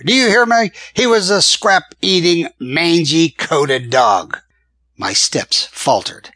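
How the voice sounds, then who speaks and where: A man reading a western audiobook as a first-person narrator, with measured, steady storytelling. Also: mid-range voice, husky, dry recording.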